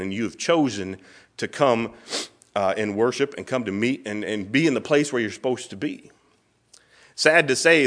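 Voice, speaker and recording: A middle-aged male pastor reading scripture in a measured cadence, then preaching with emotion in a church room. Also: mid-range voice, fairly bright tone. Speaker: pastor teaching a church class.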